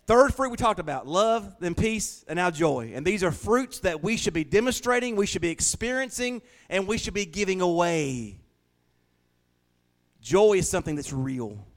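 A man's voice: sits high, animated, normal speed. A man preaching a folksy, joking sermon in a small church, laughing often. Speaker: pastor.

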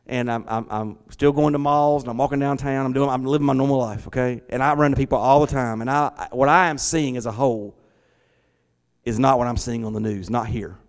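Animated pastor preaching in a hall. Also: male voice, mid-range voice, fairly quick. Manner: animated and conversational, repeats words, talks back to the congregation. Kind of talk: sermon. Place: church hall. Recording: long church hall reverb.

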